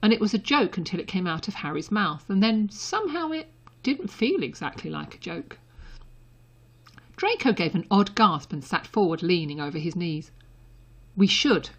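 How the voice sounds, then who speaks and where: A woman reads a story aloud in a soft, intimate audiobook delivery. Her voice sits low, with a husky, breathy grain. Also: animated, moderate pace, lo-fi sound. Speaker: reader. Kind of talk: audiobook narration.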